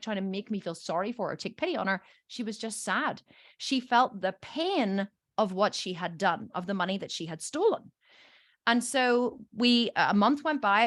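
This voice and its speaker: In a storytelling monologue, a woman who hosts a coaching podcast and is a mother recounts events emphatically, with swearing, voicing each person she quotes. Her medium-pitched voice has a fairly bright tone, and the studio-quality recording has no room sound.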